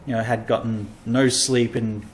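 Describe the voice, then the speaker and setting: A man's voice: medium pitch, steady tone, moderate pace, slight background noise. An Australian man, a comedian hosting a casual podcast, rambling through travel stories and acting out quoted lines.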